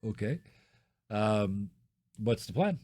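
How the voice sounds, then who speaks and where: Low-ish guy running a tabletop game, chatty, dry mic. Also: animated, slow pace, a little mellow, no echo. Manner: laid-back, chatty, laughs easily. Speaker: game master.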